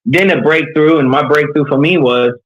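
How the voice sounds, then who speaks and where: A man's voice: on the high side, moderate pace, dull audio. A man from New York, a leadership coach, talking candidly and earnestly in an interview, telling personal stories with energy. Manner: earnest, animated storytelling.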